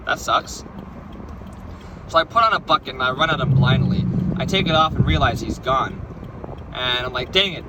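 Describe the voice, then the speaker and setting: A man's voice: mid-range voice, noisy background. A young man casually recounting a strange dream, rambling with stumbling restarts and lots of "right?" and "like". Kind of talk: casual storytelling.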